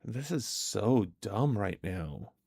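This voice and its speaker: A man hosts a casual livestream from his home setup, answering viewers' comments aloud. He talks slowly in a somewhat low voice and laughs often. The sound is close and dry, with no room echo. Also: animated, gravelly, a little mellow. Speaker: livestream host.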